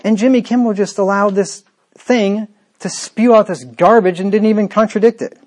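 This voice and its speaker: A man's voice: high voice, moderate pace, darkish tone. A man preaching a sermon in a scornful, combative way, with frequent rhetorical asides to the listener.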